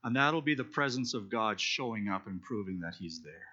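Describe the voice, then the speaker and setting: A preacher leads a Bible study, retelling a scripture story in a casual, explanatory sermon full of fillers and restarts. His voice sits fairly low, expressive and bright, with a forceful tone at a normal speed. The recording is dull and lo-fi.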